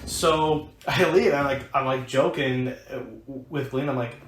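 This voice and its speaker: A man's voice: mid-range voice, moderate pace, crowd noise. An American man, a podcast co-host, telling a long story in a rambling way, with many restarts and fillers. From United States. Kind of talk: casual chat. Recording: echoey room, faint hiss.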